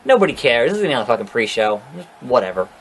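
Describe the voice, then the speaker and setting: A man's voice: mid-range voice, sing-song, rapid-fire, fairly bright tone, husky. A man casually recapping a wrestling show on his own, ranting, profane and sarcastic. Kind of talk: casual solo recap vlog.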